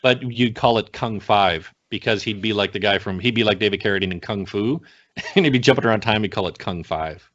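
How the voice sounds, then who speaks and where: A man's voice: lowish voice, a little fast, fairly bright tone. A man co-hosting a casual podcast chat, blunt and profane, ranting with lots of restarts. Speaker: podcast co-host. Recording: slightly dull lo-fi home recording.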